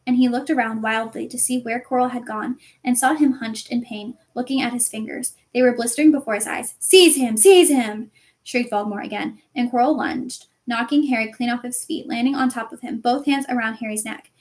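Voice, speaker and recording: Woman reading a story aloud, expressive. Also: fairly high pitch, brisk, few pauses. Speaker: audiobook reader.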